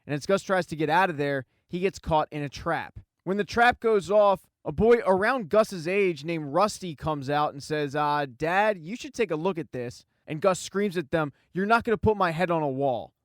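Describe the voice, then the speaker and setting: A man narrating a scripted recap of a show, telling the story briskly and reading quoted lines plainly. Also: fairly high pitch, dry recording, studio quality. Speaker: recap channel host.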